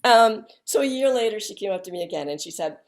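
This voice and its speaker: A woman in a middle pitch gives reflective interview talk, soft-spoken and halting. She often restarts her sentences as she searches for words. She is heard over a video call. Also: expressive. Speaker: guest.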